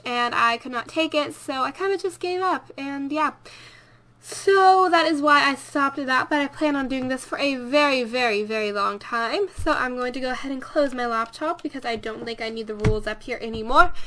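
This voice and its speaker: A woman's voice: high voice, brisk, bright, forceful tone. A woman hosting a let's play video, talking casually over her gameplay in a chatty, rambling way and correcting herself as she goes.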